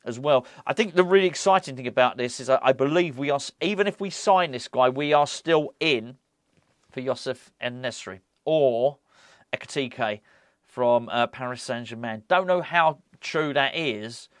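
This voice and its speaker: A man's voice: mid-range voice, normal speed, no echo. A man hosting a football fan channel, giving casual, enthusiastic commentary full of restarts. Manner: chatty, enthusiastic, many restarts.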